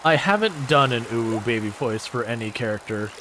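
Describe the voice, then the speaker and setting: A man's voice: medium pitch, animated, brisk, sharp tone, slight background noise. A man doing casual let's-play commentary, chatty and joking. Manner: chatty, joking, laughs often. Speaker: gaming video creator.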